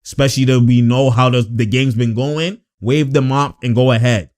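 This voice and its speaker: A man giving casual, slang-filled reaction commentary on basketball footage, animated and exasperated. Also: medium pitch, moderate pace.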